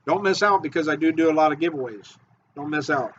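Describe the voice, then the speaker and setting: An excitable man walks through his fishing tips in a casual how-to video, repeating himself as he gets going. His voice sits slightly high for a man. The audio is dull and muffled. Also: quick pace, slight background noise. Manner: excitable, repetitive, eager. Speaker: fishing bait maker and charter guide.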